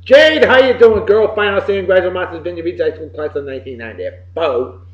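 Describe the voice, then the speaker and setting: Man, fairly high voice, boisterous and folksy, roomy dull recording. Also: fast. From Massachusetts. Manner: boisterous and folksy, swinging loud and soft. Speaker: podcast host. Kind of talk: casual birthday shout-outs.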